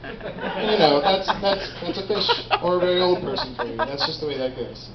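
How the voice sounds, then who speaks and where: A young man with a fairly high voice does a rambling, animated stand-up routine, swearing freely. The recording is roomy and dull, with steady noise behind him. It sounds like a small live comedy venue. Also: normal speed, over a noisy crowd. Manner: rambling, animated, profane storytelling.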